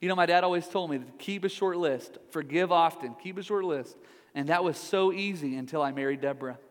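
A man's voice: fairly high pitch, fairly quick. A middle-aged man preaching a sermon in a church, joking with the congregation in a conversational way. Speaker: pastor. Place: large church hall. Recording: reverberant church hall.

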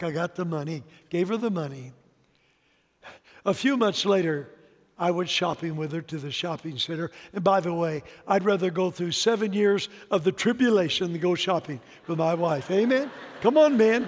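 Male pastor, sermon delivery, high voice, punchy and conversational, long hall reverb. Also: moderate pace. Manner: emphatic, swings between loud and soft. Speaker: preacher.

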